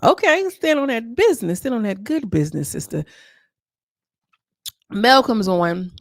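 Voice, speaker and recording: A woman's voice: a little high, big pitch swings, unhurried, dry recording. Sassy, chatty woman reviewing reality TV. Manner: chatty, sassy commentary with asides. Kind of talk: casual recap vlog.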